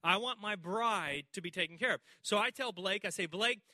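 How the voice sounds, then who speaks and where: High, bright-voiced male pastor preaching. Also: brisk, dry recording. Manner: animated storytelling, acting out dialogue with congregation members. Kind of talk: sermon. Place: church.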